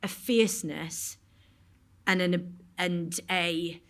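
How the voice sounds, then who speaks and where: A woman's voice: on the low side, fairly even intonation, drawn-out words. A woman with a Yorkshire accent speaking frankly on stage at a panel Q&A, rambling and swearing casually. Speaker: actor on a panel. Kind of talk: candid Q&A talk. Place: stage at a cinema event.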